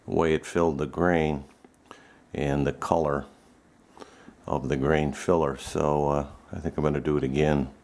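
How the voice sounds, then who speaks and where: A man narrating his wood finishing work in a casual, unhurried way, hesitating now and then and a little out of breath from the rubbing. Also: rumbling low, steady tone, a little mellow. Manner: unhurried, plain-spoken, hesitant with fillers. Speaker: woodworker demonstrating finishing. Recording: echoey room, faint noise.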